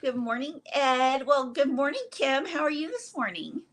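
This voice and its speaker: A woman's voice: high voice, moderate pace, fairly bright tone. A woman co-hosting a casual crochet livestream, cheerfully greeting viewers by name and chatting about her projects.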